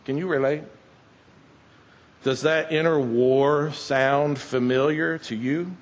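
A man's voice: fairly high pitch, fairly even intonation, takes it slowly, pauses often. A man preaching a sermon in a conversational, folksy, wry way. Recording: dull lo-fi sound.

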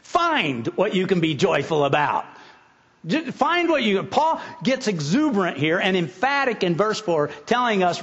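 A middle-aged man with a high voice, preaching a sermon in a homespun, conversational way. He often stumbles and repeats words as he starts his sentences. The recording sounds dull and muffled. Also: very animated, moderate pace, fairly bright tone, slightly rough. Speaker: pastor.

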